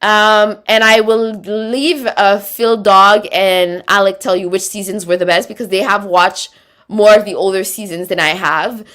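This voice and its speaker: A woman with a Quebec French accent hosts a casual livestream and talks in a loose, rambling way. Her voice sits at a middle pitch as she moves from one viewer comment to the next and answers each one. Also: steady tone, measured pace, fairly bright tone. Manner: chatty, rambling, reads viewer comments aloud. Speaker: livestream host reading chat.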